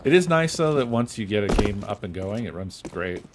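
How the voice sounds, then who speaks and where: A man's voice: on the low side, lively intonation, a little fast, very noisy. A man streaming a game, venting in a casual, frustrated way and swearing often; he says he is not feeling well. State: feeling unwell. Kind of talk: casual gaming stream chat.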